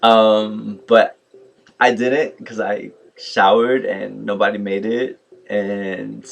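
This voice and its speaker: Young man, low-pitched voice, casual vlog storyteller, animated and chatty. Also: slow pace, vocal fry. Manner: animated, mimics others in quotes, many fillers like "like" and "yo". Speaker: vlogger.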